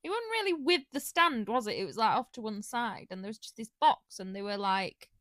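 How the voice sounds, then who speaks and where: Bright, high-voiced chatty woman. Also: a little fast, no echo, studio quality. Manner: gushing, animated storytelling with quoted reactions. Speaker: podcast co-host. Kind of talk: casual chat.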